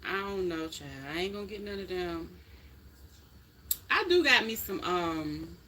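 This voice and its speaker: Middle-aged woman, bright and sharp tone, folksy casual live-stream chatter aimed at viewers. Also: lowish voice, lively intonation, measured pace, a little hiss or hum. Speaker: livestream host chatting with viewers.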